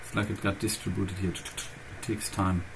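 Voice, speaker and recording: A man's voice: low-pitched, level tone, normal speed, poor audio. Guy rambling casually to his viewers at his computer, bit of faint noise behind. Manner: rambling, chatty, thinking aloud. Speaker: channel host. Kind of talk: casual chat.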